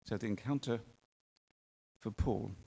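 A male preacher delivering a sermon in an earnest way, with drawn-out emphatic phrasing and rhetorical questions. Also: lowish voice, vocal fry, warm tone, breathy edge. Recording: long reverb of a large hall.

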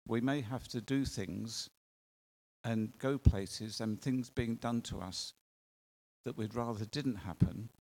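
A man's voice: mid-range voice, darkish tone. A man preaching a sermon in an earnest, conversational way, asking the congregation questions.

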